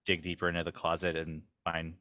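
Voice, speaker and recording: Man, podcast co-host, very deep voice, forceful bright tone, laughs often. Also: monotone, fairly quick. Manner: laughs often, chatty asides. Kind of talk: casual recap chat.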